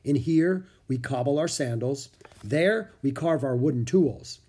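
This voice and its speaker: A man doing a calm, formal monk. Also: medium pitch, measured pace, breathy edge. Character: calm, welcoming grown male monk. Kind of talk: storybook reading.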